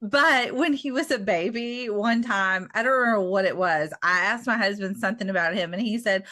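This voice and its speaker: A woman's voice: mid-range voice, brisk, pushed and bright, no echo, clean studio sound. A woman in her thirties co-hosting a podcast, telling family stories in casual chat. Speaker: podcast co-host.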